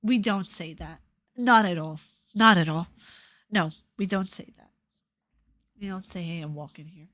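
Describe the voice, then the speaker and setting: A young woman with a New York accent chats loosely on her stream, drifting between thoughts and cursing casually as she goes. Her voice sits at an ordinary middle pitch. The sound is dry and close, with no room around it. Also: a little slow, long pauses, fairly bright tone, no room sound. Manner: rambling, swears freely, laughs often. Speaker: YouTuber reading live chat. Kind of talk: casual livestream chat.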